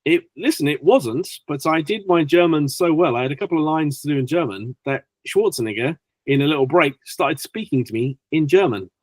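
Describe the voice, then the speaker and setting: A British man, an actor, chatting as an interview guest and telling lively stories with acted-out quotes. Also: on the high side, fairly quick, no echo. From Britain. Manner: animated storyteller acting out quotes. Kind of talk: casual interview chat.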